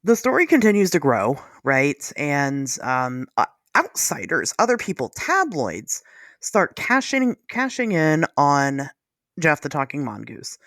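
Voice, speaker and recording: A woman hosting a podcast, chatting casually, sarcastic and quick to laugh. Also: low-pitched, sing-song, a bit bright, no room sound, clean studio sound. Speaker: podcast host. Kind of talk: casual chat.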